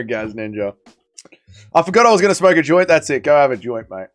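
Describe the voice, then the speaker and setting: A man's voice: on the high side, big pitch swings, a little fast, soft background music. A man hosting a casual livestream watch party, tired and hungover, rambling and swearing in slangy banter with his chat. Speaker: livestream host.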